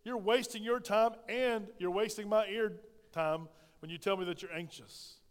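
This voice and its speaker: High-voiced preacher in a reverberant church. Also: male voice, fairly even intonation, moderate pace. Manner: folksy, emphatic preaching with call-and-response amens. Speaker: pastor. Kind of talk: sermon. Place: church sanctuary.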